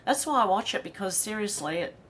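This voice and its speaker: A woman's voice: medium pitch, expressive, brisk, a bit bright, a little hiss or hum. A woman with an Australian accent hosting a casual livestream, reading viewer comments aloud and chatting with a laugh. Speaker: livestream host reading chat. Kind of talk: casual chat.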